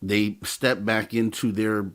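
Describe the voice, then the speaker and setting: Slow-talking man hosting a podcast. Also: lowish voice, fairly even intonation, a bit bright. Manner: halting questions full of fillers. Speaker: podcast host. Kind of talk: casual interview chat.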